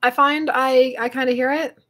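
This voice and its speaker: A woman's voice: high-pitched, fairly even intonation, moderate pace, bright, forceful tone. A woman with a Canadian accent, co-hosting a casual fandom chat and laughing often between her thoughts. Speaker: podcast co-host.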